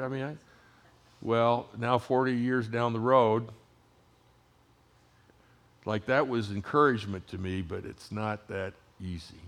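A pastor in his sixties speaks at normal speed and medium pitch, shaping his sermon as a conversational story. His voice goes quiet and hushed, then builds back up.

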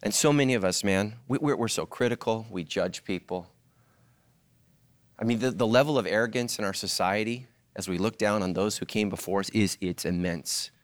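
A middle-aged male pastor preaching a sermon, swinging from loud, high-pitched joking to a hushed, earnest tone. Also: normal speed. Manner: animated, jokes in a loud, high voice, then drops to a hushed, earnest tone.

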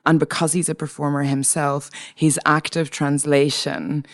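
A woman's voice: low-pitched, normal speed. Northern Irish woman telling a story. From Northern Ireland. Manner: animated, laughing, full of restarts and asides. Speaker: guest poet. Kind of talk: casual interview storytelling.

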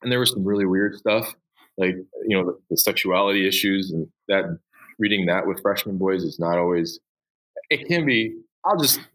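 Lively, low-voiced male teacher. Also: moderate pace, low-quality recording. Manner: enthusiastic storyteller, acts out voices. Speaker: high school Bible teacher. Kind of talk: conversational interview.

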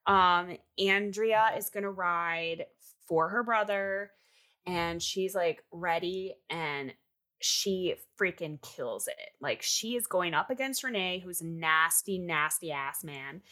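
Chatty woman recapping a movie. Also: lowish voice. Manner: fast, animated, lots of "like".

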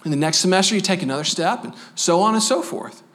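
A man preaching a sermon as a pastor, animated and full of humorous asides, then softening into a slow, quiet closing prayer. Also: sits high. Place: church sanctuary.

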